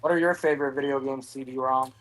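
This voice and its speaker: A man's voice: mid-range voice, fairly even intonation, quick pace, fairly bright tone, rough recording. A man chatting as a show guest, rambling with lots of fillers. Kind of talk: casual chat.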